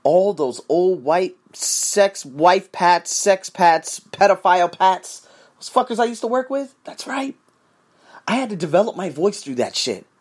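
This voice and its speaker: A man's voice: high-pitched, expressive, measured pace, breathy edge. A man hosting his own podcast, ranting in a profane, emphatic solo monologue. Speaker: podcast host.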